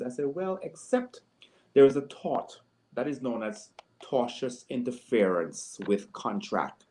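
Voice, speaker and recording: A man appearing as a guest on a talk show, calmly explaining a legal point. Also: mid-range voice, unhurried, poor audio.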